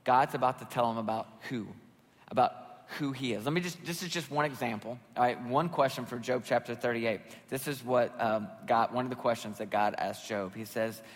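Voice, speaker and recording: A middle-aged man preaching a sermon as pastor, in a conversational, animated way, acting out voices when he quotes people. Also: mid-range voice, fairly quick. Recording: long hall reverb.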